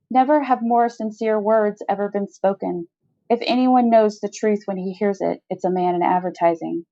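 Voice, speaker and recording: A woman's voice: mid-range voice, normal speed, dark tone. Woman author reading her story, lo-fi. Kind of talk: first-person story reading. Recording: slightly dull lo-fi sound.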